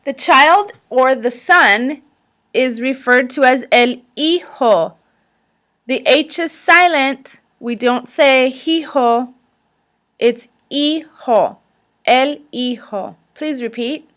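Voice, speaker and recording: A woman teaching vocabulary in a recorded slideshow lesson, speaking carefully and pausing for listeners to repeat. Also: high-pitched, a bit bright. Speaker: language teacher.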